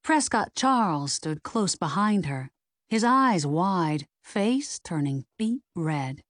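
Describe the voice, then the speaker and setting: A woman narrating a mystery novel in an expressive, measured reading. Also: on the low side, no echo, studio quality. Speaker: audiobook narrator.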